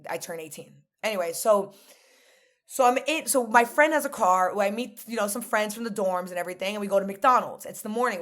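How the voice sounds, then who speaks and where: Blunt New woman telling stories. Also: medium pitch. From New York. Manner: animated storytelling, blunt and frank. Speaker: podcast guest. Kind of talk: casual conversation.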